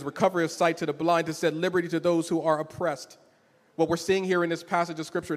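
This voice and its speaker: A man's voice: on the high side, long reverb tail. A man in his forties preaching a conversational, emotional sermon in a church, often repeating words as he starts a thought. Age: 40s. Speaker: pastor.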